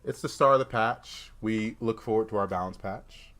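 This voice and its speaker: A lowish, fairly bright voice at normal speed belongs to a young man playing and discussing a card game on stream. He's easygoing and talkative, keeping up with his chat and answering it while playing.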